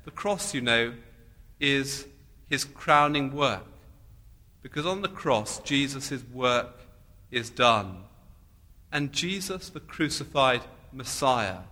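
A man preaching a sermon in a slow, deliberate way, repeating key phrases with emphasis. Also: mid-range voice, sharp tone. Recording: long hall reverb.

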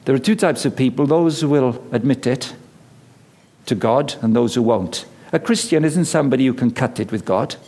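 Middle-aged male preacher, animated storyteller, repeats lines for emphasis, mid pitch. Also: moderate pace. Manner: storytelling, acts out quoted voices, emphatic repetition. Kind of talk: sermon.

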